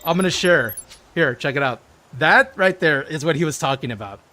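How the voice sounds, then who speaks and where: A man's voice: on the high side, lively intonation, normal speed, pushed and bright. A man streaming a modded game, chatting casually with viewers and reading their chat messages aloud.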